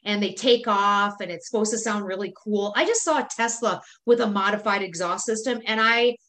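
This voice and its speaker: A woman's voice: mid-range voice, fairly quick, fairly bright tone. A woman co-hosting a casual chat podcast, ranting bluntly and with exasperation about pet peeves. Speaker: podcast co-host.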